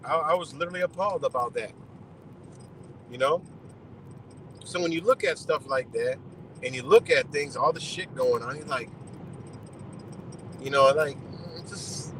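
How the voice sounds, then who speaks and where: A man hosting a livestream, talking in an animated, profane rant and repeating himself in disbelief. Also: mid-range voice, normal speed, long pauses, a little hiss or hum, rough recording. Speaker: livestream host.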